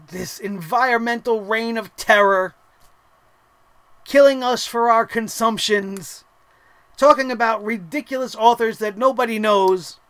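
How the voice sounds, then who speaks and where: A young man with a high, smooth voice hosts a wrestling recap show. He talks in a casual, animated way, swearing freely and laughing at his own asides. The sound is dry and close. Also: dry recording.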